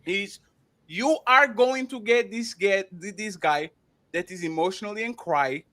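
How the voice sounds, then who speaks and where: A man's voice: sits high, measured pace, pushed and bright. A man hosting a panel show, arguing heatedly, repeating names and words and talking over others.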